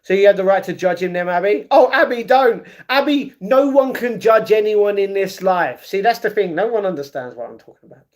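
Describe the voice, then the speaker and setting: A man live-streaming who reads his viewers' chat aloud and argues back, with excited reactions to a fight he is watching. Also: high voice, brisk, hardly any pauses. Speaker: livestreamer. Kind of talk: casual livestream chat.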